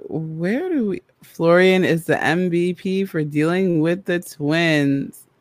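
A podcast co-host talks about reality TV in a deadpan, halting way, pausing to find words. The pace is extremely slow and drawn out. The sound is dry and close, with no room echo. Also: mid-range voice. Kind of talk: casual reality TV chat.

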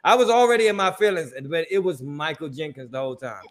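A man, a podcast co-host telling a funny story in casual chat, his voice jumping up when he quotes himself. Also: fast talker. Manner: animated storyteller, pitch jumps on quoted lines.

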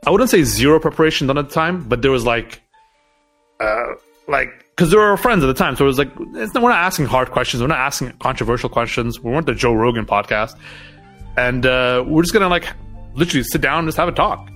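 A man telling stories as a guest in a relaxed podcast interview, voice at an ordinary middle pitch. He talks in loose, run-on phrases and slips into acted-out quotes. Faint music plays underneath. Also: fast. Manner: animated storyteller, acts out quoted voices. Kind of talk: casual interview storytelling.

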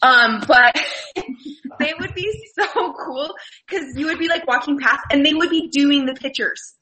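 A woman's voice: sits high, unhurried, sharp tone, poor audio. A woman co-hosting a casual podcast, rambling cheerfully through a story. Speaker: podcast co-host. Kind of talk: casual chat.

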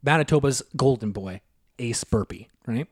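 A man's voice: mid-range voice, normal speed, darkish tone, slightly rough. A man co-hosting a podcast, telling stories in casual chat, swearing freely and laughing as he goes. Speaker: podcast co-host.

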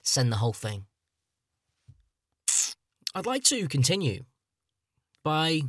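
Man, 30s, solo podcast host, rambling, self-mocking, mid-pitched, dry sound. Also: a bit bright, dry recording. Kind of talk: comedic solo podcast monologue.

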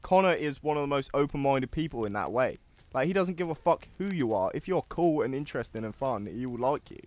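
A man's voice: mid-range voice, expressive, a little fast, a little mellow. A man co-hosting a casual podcast chat, full of fillers and casual swearing. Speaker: podcast co-host.

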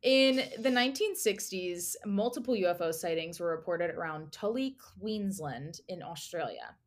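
A woman's voice: lowish voice, expressive, moderate pace. A young woman co-hosting a casual podcast, telling a story in a chatty, giggly way, full of fillers and asides. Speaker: podcast co-host presenting the topic.

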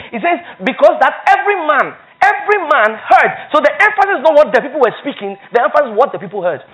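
A man's voice: sits high, fairly bright tone, rough recording. A man preaching a sermon as pastor, emphatic, repeating phrases for stress and reading scripture aloud.

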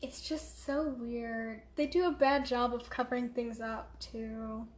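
High-voiced young woman rambling at home. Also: fairly even intonation, a little slow, reverberant. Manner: rambling, distracted, many fillers. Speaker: vlogger. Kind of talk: casual rambling chat. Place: room at home.

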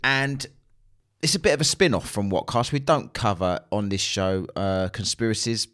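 A man with a fairly low voice hosts a casual podcast monologue. He rants bluntly and sarcastically and swears freely as he talks. His tone stays direct and unpolished throughout. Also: normal speed, fairly bright tone. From England. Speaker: podcast host.

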